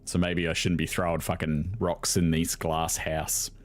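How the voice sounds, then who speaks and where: A man's voice: sits low, little pitch movement, measured pace. A young man commentating on a video game in a casual, sarcastic way, swearing freely and laughing often. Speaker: gaming video host.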